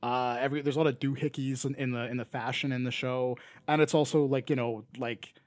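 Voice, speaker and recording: A young man with a Canadian accent chats loosely on a podcast, piling up fillers and false starts as he thinks aloud. His voice sits at an ordinary middle pitch, and the recording is dry and close with no room sound. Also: steady tone, a little fast, no room sound. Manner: rambling, many fillers and restarts. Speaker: podcast co-host. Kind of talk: casual chat.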